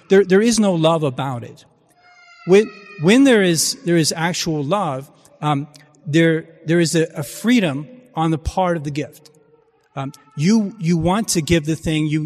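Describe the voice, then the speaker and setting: A man preaching a Catholic sermon, speaking in a halting way and often repeating words as he searches for his phrasing. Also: a little high, big-room sound.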